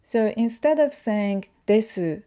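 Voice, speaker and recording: A woman whose first language is Japanese gives a pronunciation lesson, speaking slowly and carefully as she demonstrates sounds. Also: medium pitch, mellow. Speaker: language teacher.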